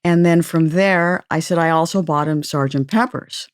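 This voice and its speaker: A woman hosting a casual interview, telling stories in an animated, laughing way and swearing freely. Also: sits low, normal speed, dry recording, clean studio sound. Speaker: host.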